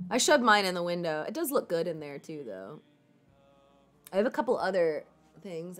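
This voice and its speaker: A woman's voice: fairly low pitch, fairly bright tone. A woman streamer chatting casually with viewers, rambling with lots of "like" and casual swearing. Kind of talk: casual chat.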